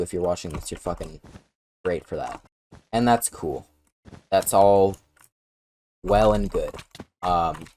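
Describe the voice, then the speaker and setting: Man, very low voice, casual storytelling, sweary and sarcastic, faint background noise. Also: a little mellow. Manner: profane, blunt, sarcastic storytelling. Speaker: storyteller recounting a personal experience.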